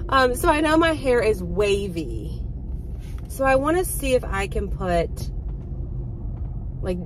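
A woman chatting casually to the camera for her vlog, thinking aloud and dropping into soft asides. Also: fairly high pitch, very animated, slow pace, a little hiss or hum. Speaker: vlogger.

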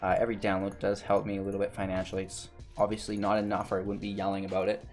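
Tired, chatty low-voiced man. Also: monotone, very fast, soft background music. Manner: chatty, rambling, lots of fillers. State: tired, out of breath. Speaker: gaming YouTuber and streamer. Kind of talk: casual gameplay commentary and channel outro.

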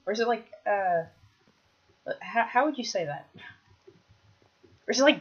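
A woman commentating her own gameplay, chatty, bursting into excited shouts when things go wrong. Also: mid-range voice, unhurried, pauses often, lo-fi sound. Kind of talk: Minecraft let's play commentary.

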